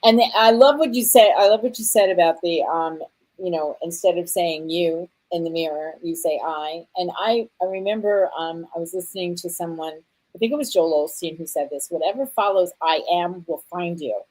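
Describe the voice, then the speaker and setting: A woman's voice: lowish voice, normal speed, a little mellow, rough recording. A woman hosting a talk show, chatting casually and affirming her guest often. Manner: affirming, frequent agreeing murmurs. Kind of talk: casual chat.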